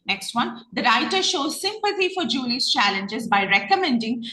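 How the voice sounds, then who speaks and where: A woman's voice: sits high, sing-song, normal speed, bright, forceful tone, reverberant, rough recording. A woman with a Malayali English accent, a trainer running an online reading class, who asks students many questions and often restarts her sentences.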